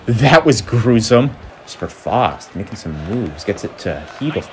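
A man's voice: mid-range voice, measured pace. A young man doing play-by-play commentary while he plays a video hockey game, calling goals like a sportscaster and yelping and groaning at the action. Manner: excitable, mock sportscaster calls, yelps and groans. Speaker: gaming YouTuber. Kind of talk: live play-by-play gaming commentary.

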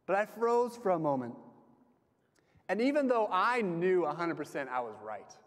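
A young man giving a casual sermon to a campus group, talking conversationally with lots of fillers and letting his phrases trail off softly. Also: high voice, sing-song, moderate pace. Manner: conversational, frequent "like" fillers, dips soft at phrase ends. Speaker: campus ministry speaker. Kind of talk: casual sermon with personal stories. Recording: long hall reverb.

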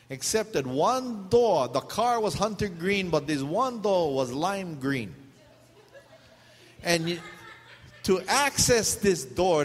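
A man's voice: fairly high pitch, slightly rough. A middle-aged man from Hawaii with a Pidgin-tinged accent, telling funny stories in a sermon as a pastor. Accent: Hawaiian Pidgin-tinged English. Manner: animated, humorous, laughs mid-story. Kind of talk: storytelling sermon. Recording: long hall reverb, faint background noise.

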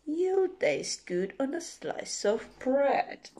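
A big, hungry male forest monster from a children's storybook, speaking low and slow in a hushed, whispery voice. He is gullible and easily amazed. A woman reading aloud plays him. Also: very animated, exaggerated voice.

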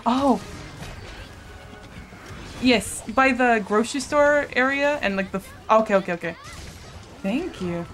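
A woman's voice: a little high, a little slow, long pauses, a bit bright, faint music behind. Giggly, chatty young woman streamer. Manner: bubbly, giggly, chatty with chat and friends, swears casually. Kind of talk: casual live-stream chat while gaming.

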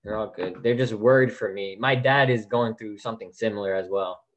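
A man's voice: fairly low pitch, fairly quick. Hesitant eighteen-year-old man on a call. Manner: soft-spoken, hesitant, laughs nervously. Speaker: caller. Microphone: video call.

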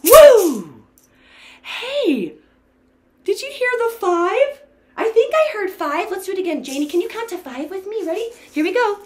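A woman's voice: very high-pitched, very animated, moderate pace, reverberant, a little hiss or hum. A woman teaching a toddler music class, counting rhythms and chanting in a bouncy sing-song way. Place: indoor room, sitting on floor.

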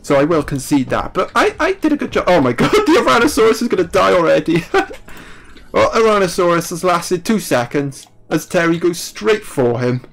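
A young man, excitedly commenting on a dinosaur game while he plays, laughing often and talking to the screen. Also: high-pitched, normal speed, gravelly, faint music behind. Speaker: gaming YouTuber. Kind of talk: live gameplay commentary.

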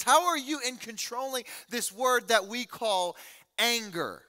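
A man preaching a sermon, telling stories with animated, acted-out quotes and frequent laughs. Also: very high voice, unhurried. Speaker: pastor. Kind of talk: sermon storytelling. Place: large church hall. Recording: echoey hall.

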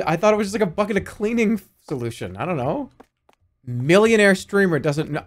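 A man streaming a game, commenting in an excitable, profane, rambling way. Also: sits high, brisk. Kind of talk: live gameplay commentary.

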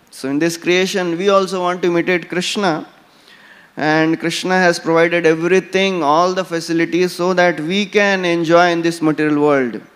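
A man with an Indian English accent giving a scripture class and telling stories, with frequent "you know" fillers. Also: high-pitched. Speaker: temple lecturer. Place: large temple hall. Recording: temple hall with long reverb.

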